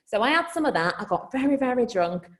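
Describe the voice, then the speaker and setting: A woman's voice: on the high side, expressive, fast talker. A woman with a Scouse accent telling a comic story to a live crowd, chatty and self-mocking, laughing mid-sentence and swearing freely. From Liverpool, England.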